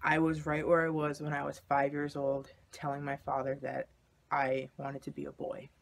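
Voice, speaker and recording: Gravelly-voiced young man telling his story. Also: on the high side, completely flat delivery, moderate pace, slight background noise. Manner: candid, confessional storytelling. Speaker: vlogger. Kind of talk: personal storytelling.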